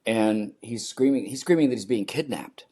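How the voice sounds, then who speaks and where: A man's voice: on the low side, moderate pace, darkish tone. Earnest older man telling a story. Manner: earnest, repeats key phrases for emphasis. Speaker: podcast guest. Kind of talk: personal storytelling in an interview.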